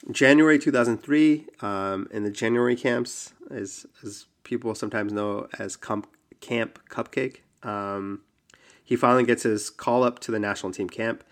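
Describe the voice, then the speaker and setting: A man's voice: mid-range voice, moderate pace. A man casually telling a long story on a podcast, with frequent ums and likes. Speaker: podcast host.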